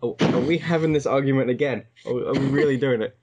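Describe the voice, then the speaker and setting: A man's voice: medium pitch, fast. A man joking and teasing his friends in casual chat over an online call. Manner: joking, playful, deadpan teasing. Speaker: co-host.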